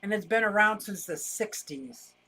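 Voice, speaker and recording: A woman's voice: mid-range voice, expressive, moderate pace, sharp tone, breathy edge. An older woman hosting a casual livestream, chatting and answering viewer comments in a wry, talkative way. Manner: chatty, wry, laughs easily, rants about costs. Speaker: livestream host.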